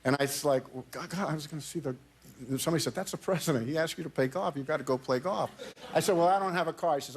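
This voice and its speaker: A man, a talk show guest, telling a long anecdote in casual chat, halting and often repeating words as he goes. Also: a little high, slight background noise.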